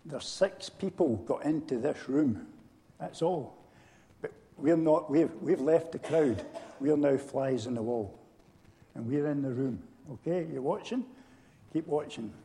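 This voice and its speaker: A man preaching a sermon, retelling a story and speaking directly to his congregation in an animated way. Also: on the high side, vocal fry. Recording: long hall reverb.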